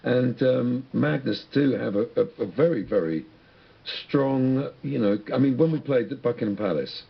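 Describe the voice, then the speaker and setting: A man's voice: mid-range voice, animated, normal speed, gravelly, husky, highs cut off. A man guest on a radio interview, speaking in a rambling, reflective way with many restarts. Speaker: musician guest.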